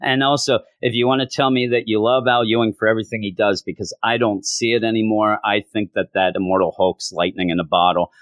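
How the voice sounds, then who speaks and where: A man's voice: on the low side, steady tone, a little fast, few pauses, fairly bright tone, dry recording. A man reviewing a comic book in a sarcastic, exasperated way. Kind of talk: video review.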